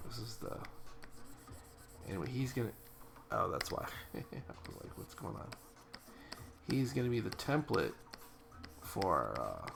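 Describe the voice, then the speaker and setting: A man with a deep, heavily gravelly voice talks himself through a digital painting. He rambles in a relaxed way and restarts his sentences often. A faint hiss of noise sits under the recording. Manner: rambling, casual, self-correcting. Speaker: digital artist. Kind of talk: thinking aloud while painting.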